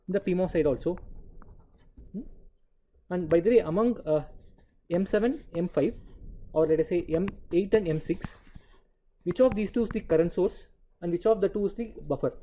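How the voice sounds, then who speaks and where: A man giving an engineering lecture, often pausing to quiz the class with short prompting checks. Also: high voice, mellow, muffled recording. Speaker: university lecturer.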